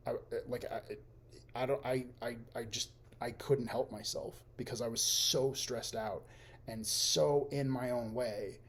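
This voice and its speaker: A young man speaking candidly in a personal monologue, frank and profane, halting with restarts and sinking into quiet, low tones when he reflects. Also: a little hiss or hum. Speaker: vlogger sharing a personal testimonial.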